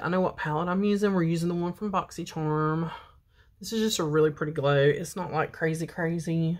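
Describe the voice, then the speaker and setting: A woman, chatting and telling a story while she does her makeup for a beauty vlog. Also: low voice. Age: 50s. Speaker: beauty vlogger. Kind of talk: casual makeup chat.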